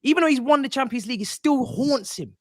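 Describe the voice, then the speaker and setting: A man's voice: very high-pitched, fast, no room sound, studio quality. A man, a football fan panelist delivering a theatrical, mock-indignant rant.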